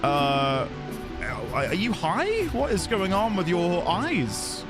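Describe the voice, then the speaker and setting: A man's voice: sits high, sing-song, slow. A man streaming a video game, chatting with viewers in a self-mocking, laughing way. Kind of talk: live game commentary. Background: game music.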